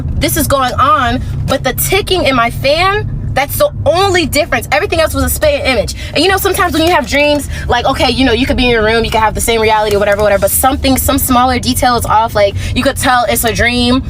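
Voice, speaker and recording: A young woman vlogger telling a long, animated storytime full of fillers. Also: on the high side, slight background noise. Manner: rambling, animated, heavy on fillers.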